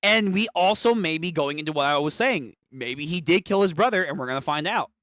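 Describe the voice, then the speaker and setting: A young streamer reacting live to a manga, excitable and profane, often stammering and repeating words. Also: medium pitch, brisk, no echo, clean studio sound. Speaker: streamer reading a manga aloud.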